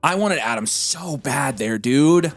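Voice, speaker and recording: Excitable guy reading chat on a live stream, pitch jumping all over the place, faint music underneath. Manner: animated and excitable, quick to vent frustration. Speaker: co-host of a fantasy football livestream. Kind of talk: casual livestream chat, reading chat aloud.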